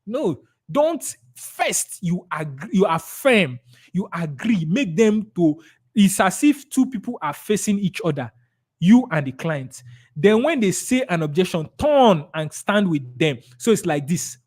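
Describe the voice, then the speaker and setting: A man's voice: high-pitched, sing-song, a little slow, darkish tone. A man with a Nigerian accent leading a sales training webinar, emphatic and repeating his key points.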